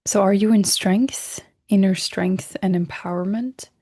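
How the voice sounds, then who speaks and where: Her mid-range voice stays steady and measured as she leads a recorded self-help workshop. Gentle and reflective, she corrects herself partway through sentences and lowers key words to soft whispers.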